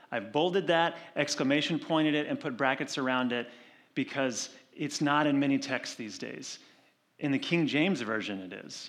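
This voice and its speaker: Man preaching in a conversational way. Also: mid-range voice. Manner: conversational preaching with animated retold stories; slows and softens for scripture reading. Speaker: pastor. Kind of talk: sermon.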